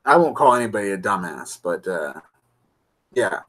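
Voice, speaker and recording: A man's voice: lowish voice, very animated, normal speed, fairly bright tone. A man hosting an RC hobby show, chatting casually and goofily with his live-stream viewers. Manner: goofy, laughing, chatty with viewers.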